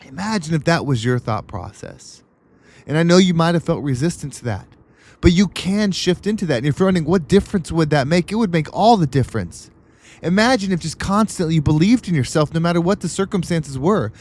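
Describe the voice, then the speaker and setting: A man's voice: a little high, animated, brisk, darkish tone. A man hosting a podcast, delivering an emphatic, repetitive motivational monologue. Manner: emphatic, repetitive pep-talk cadence. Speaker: podcast host.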